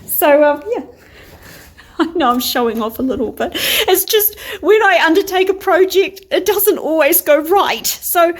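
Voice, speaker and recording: A woman's voice: very high-pitched, animated, unhurried, no echo. A young woman with a New Zealand accent, chatting enthusiastically as she walks through her garden for her vlog. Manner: bubbly, enthusiastic, chatty with soft asides. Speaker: vlogger. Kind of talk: casual chatty vlog, walking garden tour. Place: outdoors in a garden.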